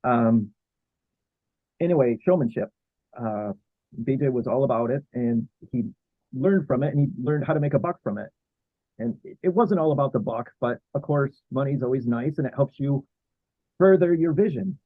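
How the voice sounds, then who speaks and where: Man, interview guest, halting with fillers, tinny phone-like sound, dry. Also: medium pitch, expressive, no room sound. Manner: halting, many fillers and restarts. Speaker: guest historian. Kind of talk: casual interview.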